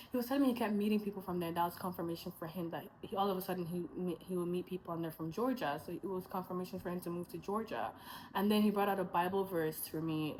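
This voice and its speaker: A young woman talks straight to her viewers in a casual testimony vlog. Her voice sits a little low, and she tells the story in a chatty, rambling way, with asides and quick self-corrections. She acts out the lines she and others said. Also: a little hiss or hum, low-quality recording. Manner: chatty storytelling, acting out her own past dialogue. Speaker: vlogger sharing her faith testimony.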